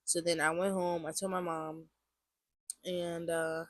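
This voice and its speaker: A woman's voice: fairly low pitch, flat delivery, measured pace, no echo. A woman in her twenties, sounding congested, casually telling a personal testimony to camera and often repeating herself. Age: 20s. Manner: rambling, repeats phrases, many likes. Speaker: vlogger sharing a testimony.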